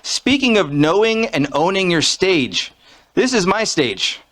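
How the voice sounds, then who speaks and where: A man in his thirties with a fairly high voice, giving a live conference talk from behind a podium. He speaks into a fixed podium mic in a casual, chatty way, full of jokes and asides. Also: very animated, measured pace, fairly bright tone. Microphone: fixed podium microphone.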